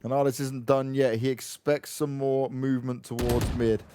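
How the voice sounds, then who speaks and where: A man's voice: mid-range voice, little pitch movement, moderate pace, warm tone, smooth, dry recording. A man calling esports play-by-play with energy, narrating each fight as it happens. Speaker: esports caster.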